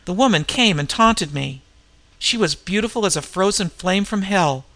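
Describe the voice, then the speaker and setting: A man's voice: sits high, expressive, moderate pace, pushed and bright, dry recording, exaggerated voice. A man voicing a dazed young barbarian warrior, speaking in a plain, bewildered way in a storybook reading. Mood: haunted. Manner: dazed, hoarse-edged plain speech.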